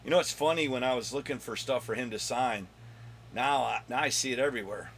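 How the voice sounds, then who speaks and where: A man hosting his own video countdown of comic finds, rambling and joking with his son off camera, with a slightly hoarse voice. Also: mid-range voice, a little fast, a bit bright, slight background noise. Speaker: comic collector and channel host.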